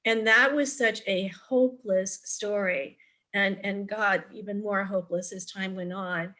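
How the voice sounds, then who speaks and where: Middle-aged woman on a video call, chatty advocate with lots of ums, bright clear voice. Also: medium pitch, fairly even intonation, a little slow. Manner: chatty storyteller, frequent ums and restarts. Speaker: parent advocate and presenter. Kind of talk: virtual forum talk, advice with anecdotes.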